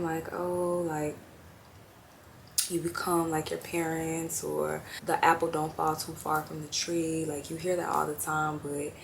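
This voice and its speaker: A young woman in her twenties talking to the camera in a personal confessional vlog, slow and heartfelt, trailing off with fillers and tearful at times. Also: low voice, slight background noise. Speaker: vlogger.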